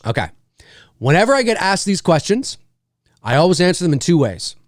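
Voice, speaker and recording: A man hosting a live stream, answering viewer questions in an animated way. He often repeats himself and laughs. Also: high-pitched, a little fast, no echo, studio quality. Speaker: host.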